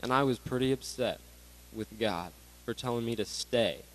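A man in his twenties giving a sermon to graduates, animated, swinging between loud bursts and hushed asides. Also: medium pitch, normal speed, rough recording. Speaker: graduation speaker.

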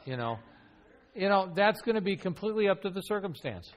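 A man's voice: high-pitched, big pitch swings, brisk, highs cut off. A man leading a church evangelism training class, asking the group question after question in an earnest, conversational way. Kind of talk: classroom teaching with role-play. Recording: long hall reverb.

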